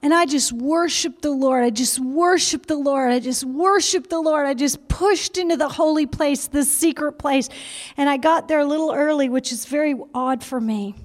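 A woman preacher telling a story in a sermon, lively and laughing often, acting out the voices of people she quotes. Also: sits high, normal speed. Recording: long hall reverb.

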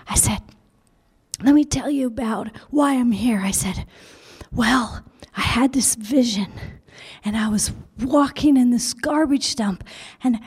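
A woman's voice: high-pitched, darkish tone, breathy edge. A woman preacher telling a story in an emotional sermon, stammering repetitions and dipping into whispers.

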